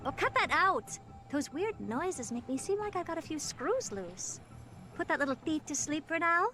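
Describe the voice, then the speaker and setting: A woman voicing a haughty, sharp-tongued genius scientist in a game, speaking in an imperious, sardonic way. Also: sits high, big pitch swings, normal speed, long reverb tail, full character voice. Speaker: game character. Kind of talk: game voice acting.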